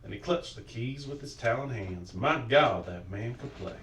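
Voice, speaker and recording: A man's voice: mid-range voice, lively intonation, fairly bright tone, a little hiss or hum, close to an everyday voice. A man putting on a Southern cowboy drawl to read a frontier ballad aloud as a dramatic poetry reading. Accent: put-on American Southern drawl. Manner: slow drawling storytelling. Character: gruff old frontier cowboy storyteller, male. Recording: roomy, distant mic.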